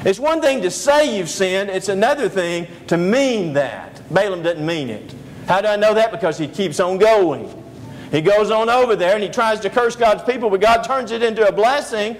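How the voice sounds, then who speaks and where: Animated high-voiced male preacher. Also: normal speed, low-quality recording. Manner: animated storytelling with humorous asides. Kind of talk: sermon lecture.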